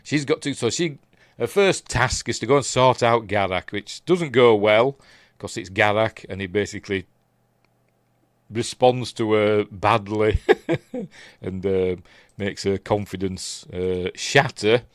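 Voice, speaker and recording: Rambling Yorkshire man, low voice. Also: a little slow, dry recording, studio quality. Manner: rambling, chatty, lots of fillers and trailing asides. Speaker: streamer reviewing TV episodes. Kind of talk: casual live-stream chat.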